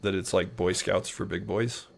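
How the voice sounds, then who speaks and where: A middle-aged man with a Utah American accent, telling rambling anecdotes in a relaxed interview, slipping into playful quoted voices. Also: low-pitched, moderate pace, creaky. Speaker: podcast guest. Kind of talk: casual storytelling interview.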